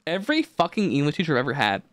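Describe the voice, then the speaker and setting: A man's voice: a little high, huge pitch swings, racing, a bit bright, no echo, studio quality. A man co-hosting a podcast, rambling casually with lots of swearing and fillers. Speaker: podcast co-host.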